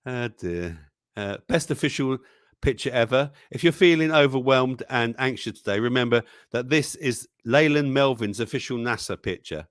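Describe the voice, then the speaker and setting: A man's voice: mid-range voice, animated, normal speed, no echo, studio quality. A man hosting a casual live-stream news show, chatting and reading memes aloud, chuckling often and exclaiming over what he shows. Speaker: livestream news show host.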